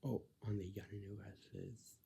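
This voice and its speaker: A man's voice: on the low side, level tone, a little slow, creaky, dark tone, breathy edge. A man talking casually in a repetitive, lecturing way, often ending lines with "right?" and sometimes dropping into a whisper. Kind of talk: casual monologue.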